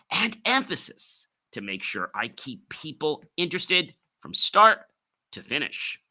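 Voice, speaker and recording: A middle-aged man hosts a solo podcast, his voice very bright and forceful. His pitch swings widely, and he leans hard on key words with sudden bursts of volume. He sounds like a coach giving practical advice. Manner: animated, emphatic, with sudden pitch and volume jumps. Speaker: podcast host. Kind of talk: solo podcast talk on speaking skills.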